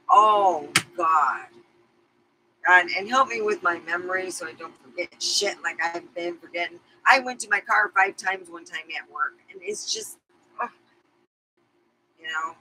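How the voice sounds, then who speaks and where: A woman's voice: lowish voice, sharp tone, slight background noise, rough recording. A middle-aged woman talking candidly and emotionally to her viewers in a rambling confessional vlog, swearing casually. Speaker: vlogger.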